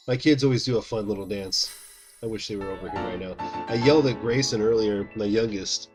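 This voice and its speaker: A worn-out man in his thirties chats loosely with his viewers while he plays, drifting from topic to topic at an everyday pitch. Game music runs clearly underneath his voice. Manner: rambling, chatty, talks to chat by name. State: tired. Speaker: game streamer. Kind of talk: casual chat while gaming.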